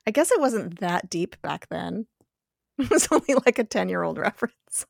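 A woman's voice: on the low side, sing-song, vocal fry, a little mellow, no echo. Giggly woman recapping, dry close sound. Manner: giggly, quick to laugh. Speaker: guest podcaster. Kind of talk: casual episode recap.

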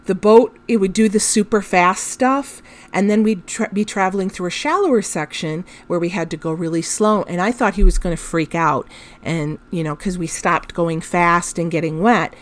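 A woman's voice: fairly low pitch, moderate pace. A woman hosting a podcast, telling a personal story in a candid, emotional way, with frank swearing and laughter through her telling. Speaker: podcast host.

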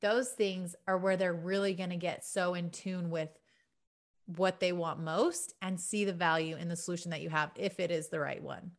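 A woman's voice: fairly low pitch, steady tone, normal speed. A woman hosting a podcast, affirming her guest with effusive, emotional enthusiasm in casual interview chat. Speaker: podcast host.

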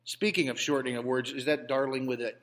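A man spinning a tall tale with mock grandeur, as if he were a lofty philosopher. His voice sits at an ordinary middle pitch, and it rings out with a long hall reverb around it. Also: steady tone, fast talker, fairly bright tone. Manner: mock-grand, playfully pompous storytelling. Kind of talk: comedic banter.

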